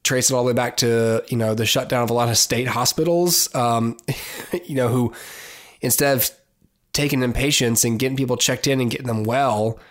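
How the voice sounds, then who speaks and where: A man's voice: medium pitch, steady tone, normal speed. A man hosts a podcast by himself and talks loosely, with plenty of ums and restarts. He gives blunt, opinionated takes in a casual tone. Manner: rambling, many fillers and restarts. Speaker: podcast host. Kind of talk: casual solo commentary.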